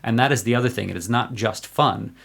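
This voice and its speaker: A man's voice: on the low side, brisk, gravelly, a bit bright. An American man, a guest actor, talking earnestly in a casual interview and often restarting his sentences. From United States.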